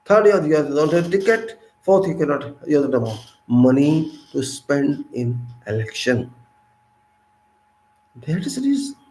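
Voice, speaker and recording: Man, 50s, Indian English accent, gravelly, slightly high, preachy rhetorical monologue, echoey room. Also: sing-song, a little slow. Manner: preachy, rhetorical questions, swings loud and soft. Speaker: civic commentator. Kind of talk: impassioned monologue.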